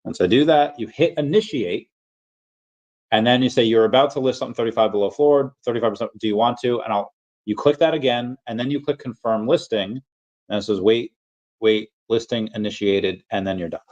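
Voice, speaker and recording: A man's voice: medium pitch, fairly quick, a little mellow, highs cut off. A man hosting a casual livestream, answering chat questions in a rambling, self-correcting way.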